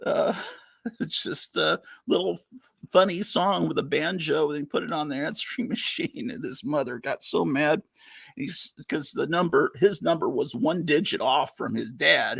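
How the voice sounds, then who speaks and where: A man's voice: mid-range voice, vocal fry, a bit bright, husky, no room sound. A man in his fifties hosting a livestream, telling rambling anecdotes in casual chat and laughing often. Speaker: livestream host.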